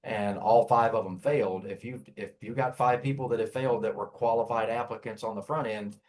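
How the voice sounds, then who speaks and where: A man's voice: lowish voice, fairly even intonation, brisk, darkish tone, slight background noise. Laid-back guy talking shop about hiring, lots of "you know" and restarts. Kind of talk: conversational business advice.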